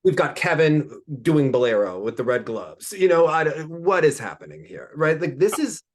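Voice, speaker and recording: Male podcast co-host, chatty and gossipy, lively sing-song delivery. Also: a little high, normal speed. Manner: gossipy, animated, sassy asides. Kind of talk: casual chat.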